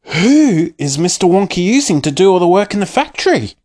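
A man's voice: high-pitched, huge pitch swings, slow, no room sound, studio quality, voice pushed up, full character voice. A man voicing an eager, curious young boy in a storybook reading, asking pressing questions.

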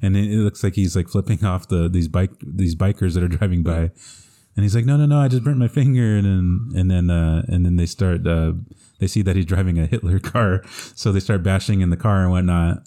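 A man's voice: deep voice, steady tone, brisk, dark tone. A man co-hosting a casual podcast chat, retelling movie scenes with fillers and frequent chuckles. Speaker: podcast co-host.

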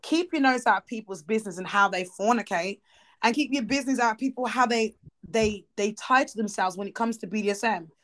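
A young British woman from the UK, co-hosting a casual chat, blunt and animated, laughing often. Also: fairly high pitch, brisk.

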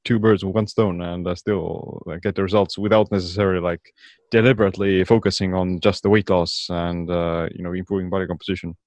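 A man's voice: deep voice, flat delivery, brisk, darkish tone, no echo. A man hosting an interview, easygoing, with lots of "like" and "uh" as he goes. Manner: easygoing, hedging with "like" and "uh". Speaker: podcast host.

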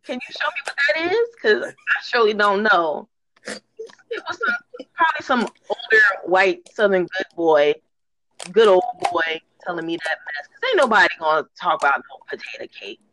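A woman hosting a podcast, telling rant stories in a lively, slangy, laughing way. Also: mid-range voice, moderate pace, a little hiss or hum. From northern United States. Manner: animated, slangy, laughing storyteller. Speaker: podcast host. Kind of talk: casual storytelling rant. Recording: dull lo-fi recording.

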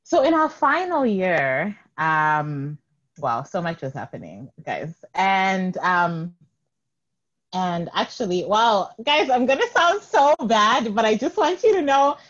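A woman's voice: medium pitch, sing-song, takes it slowly, fairly bright tone, highs cut off. A young woman co-hosting a radio show, chatting casually, reading out listener messages and often breaking into giggles as she rambles. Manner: giggly, rambling, self-interrupting. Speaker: radio co-host.

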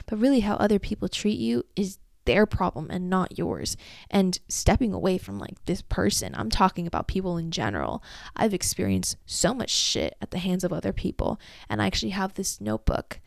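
A woman's voice: on the low side, big pitch swings, brisk, gravelly, no echo, clean studio sound. A young woman in her twenties hosting a solo podcast, talking candidly and emotionally about a breakup and swearing freely. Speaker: podcast host.

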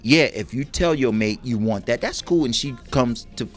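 A man chatting on a relationship podcast with a lively, swooping delivery, bouncing between boasts and acted-out lines. His pitch sits mid-range, and soft music plays faintly behind him. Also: moderate pace. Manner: animated, bragging, acts out quotes. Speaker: podcast co-host. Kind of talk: casual relationship talk.

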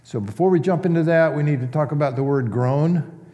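A male pastor preaching in a relaxed, conversational way, asking his congregation questions as he teaches. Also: a little high, fairly quick. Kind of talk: sermon. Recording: long church reverb.

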